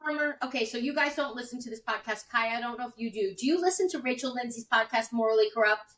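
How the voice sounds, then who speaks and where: High-voiced woman sitting back from the mic. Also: fast talker, fairly bright tone, far from the mic, rough recording. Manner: chatty, explains at length with frequent fillers. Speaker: podcast co-host. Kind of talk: casual chat.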